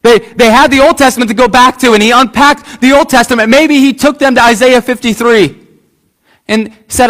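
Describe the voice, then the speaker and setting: A pastor preaching a sermon, using repeated phrases and asking the congregation questions. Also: male voice, very high voice, normal speed, fairly bright tone.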